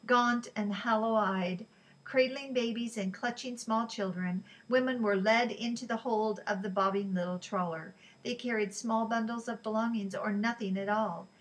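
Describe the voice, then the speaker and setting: A woman narrating a novel in a steady, measured reading voice. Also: fairly high pitch, low-quality recording. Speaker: audiobook narrator. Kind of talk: scripted narration.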